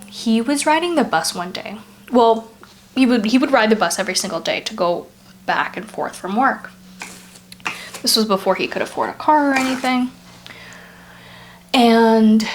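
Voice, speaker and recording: A young woman from Brazil casually telling family ghost stories, chatty and full of "like" fillers. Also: fairly high pitch. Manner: chatty, filler-heavy with frequent "like", animated retelling. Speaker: storyteller, channel host. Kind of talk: casual spoken ghost storytelling.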